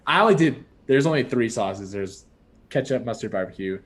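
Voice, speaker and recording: A young man co-hosting a podcast, telling a story in a casual, animated way, laughing often and saying "like" and "dude" a lot. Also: medium pitch, normal speed. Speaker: podcast co-host.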